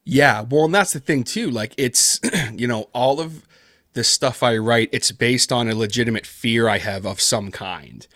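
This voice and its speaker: A man's voice: medium pitch, a little slow, a bit bright, no echo, clean studio sound. A man talking casually in an interview, rambling with lots of fillers and self-deprecating asides. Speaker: podcast guest, horror narrator.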